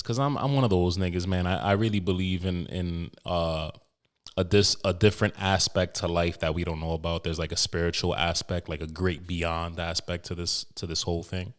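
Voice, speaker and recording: Deep-voiced man rambling on his podcast. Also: steady tone, moderate pace. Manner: profane, rambling, emotional storytelling with many restarts. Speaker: podcast host. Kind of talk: casual podcast monologue.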